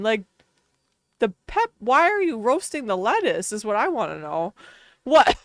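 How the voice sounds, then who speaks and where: A woman's voice: a little high, big pitch swings, a little slow, no echo, clean studio sound. A woman with a Wisconsin accent chatting casually on a live game stream, laughing often and talking to her chat. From Wisconsin, US Midwest.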